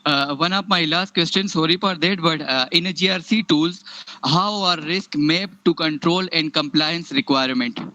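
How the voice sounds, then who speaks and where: A man's voice: on the high side, normal speed, bright, forceful tone. A man on a video call asking questions as a beginner attendee, hesitant and polite, stammering often. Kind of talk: question and answer. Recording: dull lo-fi video call audio.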